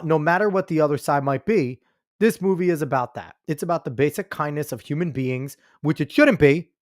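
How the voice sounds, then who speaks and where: A man's voice: a little high, no echo, clean studio sound. Heated, swearing male podcast host. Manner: heated, swearing, mocking outbursts; reads articles aloud between rants. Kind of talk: ranting news commentary.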